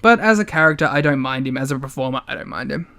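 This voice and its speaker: A man's voice: mid-range voice, animated, quick pace, vocal fry, sharp tone, slight background noise. Give me a jokey male podcast co-host. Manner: jokey, laughs often, does silly voices. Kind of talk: casual chat.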